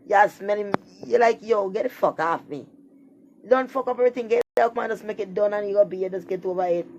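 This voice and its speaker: A woman's voice: medium pitch, fairly even intonation, fast, darkish tone, a little hiss or hum. A woman talking bluntly in a rambling, profane casual monologue.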